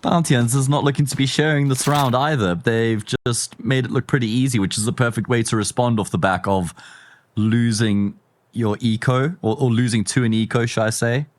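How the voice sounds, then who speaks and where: A male esports caster with a South African accent, doing lively play-by-play with chatty banter. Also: mid-range voice, normal speed, dry recording. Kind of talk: play-by-play commentary.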